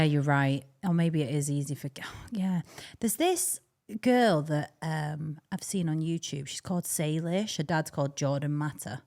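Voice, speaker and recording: A young woman hosting a podcast, chatting casually and rambling with frequent laughs. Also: deep voice. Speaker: podcast host. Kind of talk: casual chat.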